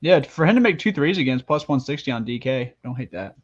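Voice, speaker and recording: Fast, profane man on a dull mic. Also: mid-range voice. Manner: profane, rambling, excitable. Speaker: panelist. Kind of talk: casual sports betting chat.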